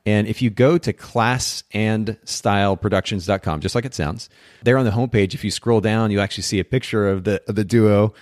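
A man's voice: lowish voice, fairly quick, no room sound, studio quality. A middle-aged man hosting a podcast interview in a chatty, upbeat way, often restarting his phrases. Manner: upbeat, chatty, self-correcting. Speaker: podcast host.

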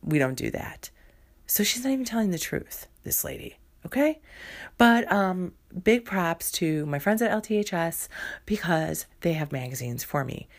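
Low-voiced woman telling a story with sarcasm. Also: expressive, moderate pace. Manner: sarcastic, exasperated, acts out both sides of a phone call. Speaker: podcast host. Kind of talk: comedic storytelling monologue.

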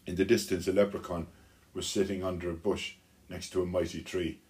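Man reading a kids story, really deep voice, slow and easygoing, stumbles a bit. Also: level tone, darkish tone. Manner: unhurried, with small restarts. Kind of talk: reading a children's story aloud.

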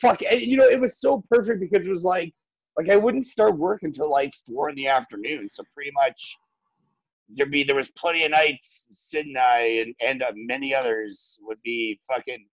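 A man reminiscing in casual chat, excitable and swearing. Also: a little high, normal speed, dry recording, dull audio.

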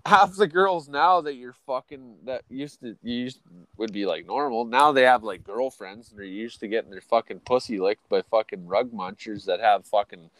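Middle-aged dude on a podcast, swears nonstop, rambles, super dry mic. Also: male voice, mid-range voice, moderate pace, fairly bright tone, dry recording. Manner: crude, profane, rambling storytelling. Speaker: podcast host. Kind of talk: casual chat.

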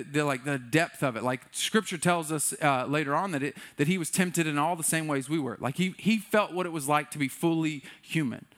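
A man's voice: a little high, a bit bright. A man preaching a sermon in a loose, conversational way, often acting out what people in the story say. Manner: conversational, playful, acts out quotes. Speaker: pastor.

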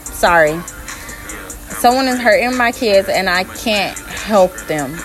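A woman answering her viewers' questions in a slow, deliberate way, frank about her views and quick to laugh. Her voice sits at an ordinary middle pitch, with soft music playing faintly underneath. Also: expressive. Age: adult mother. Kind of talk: candid casual Q&A talk.

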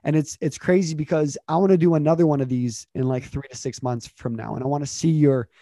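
A man with a slightly raised, mellow voice leads a motivational talk as a communication coach. He speaks with energy, repeats himself and stacks question after question. The sound is dry and close. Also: fairly high pitch, steady tone, fast, no room sound. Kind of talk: motivational interview chat.

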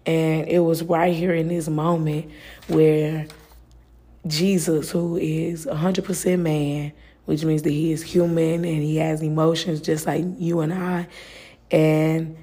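A woman's voice: low voice, little pitch movement, slow, mellow, slightly rough. A woman hosting a faith-based podcast, talking earnestly and personally, with many fillers. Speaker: podcast host.

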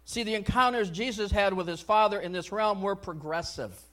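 Male pastor, high voice, sermon; chatty asides, loud-to-hushed swings. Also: normal speed. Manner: swings between loud exhortation and soft near-whispered asides; conversational, frequent "I mean" and "you know".

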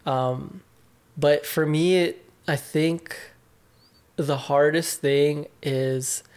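A man's voice: fairly high pitch, steady tone, drawn-out words, a little mellow, clean tone. A young man talking openly as a podcast guest, reflective and casual, with lots of filler words and some swearing. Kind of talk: candid conversation.

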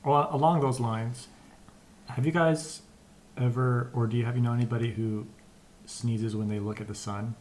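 A man co-hosting a casual podcast, relaxed and chatty, reading a bit of text aloud. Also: medium pitch, normal speed, a little hiss or hum. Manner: relaxed, reads a search result aloud. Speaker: podcast co-host.

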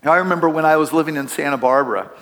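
A man's voice: on the high side, very fast, creaky, a bit bright. A middle-aged man, a pastor, preaching a sermon in a church, talking in a conversational way and telling stories with asides to the congregation. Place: church sanctuary. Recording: long hall reverb.

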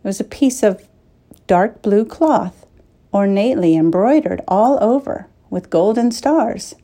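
Woman, audiobook narrator, measured, slow, warm dark tone. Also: medium pitch, expressive.

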